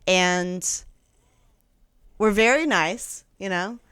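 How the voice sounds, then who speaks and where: A woman's voice: mid-range voice, drawn-out words, clear, resonant tone, no echo, clean studio sound. A young woman telling a funny story on a casual podcast, acting out other people's lines and laughing as she goes. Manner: animated, acts out quoted voices, laughs often. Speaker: guest comedian.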